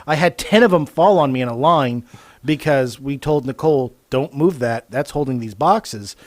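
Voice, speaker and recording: A man's voice: medium pitch, normal speed, dry recording. A man swapping rowdy work stories in casual chat, laughing often and swearing freely. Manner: laughing, profane, animated retelling. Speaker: podcast co-host.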